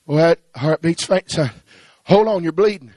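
A man preaching a sermon, swinging from hushed pleading to rising, shouted cadences. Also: fairly high pitch, moderate pace, dry recording.

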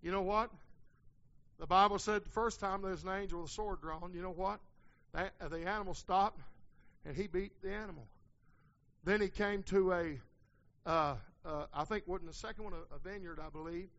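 A preacher with a high, bright, ringing voice. He wanders through folksy stories and then climbs to hollered peaks. The recording is dull and lo-fi. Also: normal speed. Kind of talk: sermon.

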